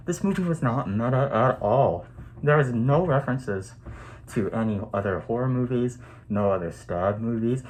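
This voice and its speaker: A man's voice: mid-range voice, darkish tone, a little hiss or hum, poor audio. A man ranting heatedly as a movie fan in a review vlog, swearing and breaking into sudden outbursts.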